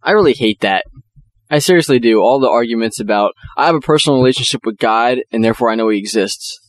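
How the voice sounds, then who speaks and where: Heated, swearing podcast co-host. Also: male voice, mid-range voice, animated, quick pace, no room sound. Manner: heated, profane, stumbling. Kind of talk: casual podcast chat.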